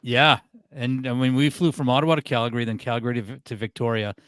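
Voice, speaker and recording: Man, relaxed podcast host, easily amused, dry close mic. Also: medium pitch, fast, smooth, dry recording. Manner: laid-back, easily amused, leads the segments. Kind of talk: casual podcast chat.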